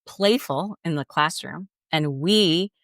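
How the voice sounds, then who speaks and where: A woman's voice: fairly low pitch, takes it slowly, fairly bright tone, no room sound, clean studio sound. A woman speaking as a literacy expert guest in a podcast interview, explaining with enthusiasm.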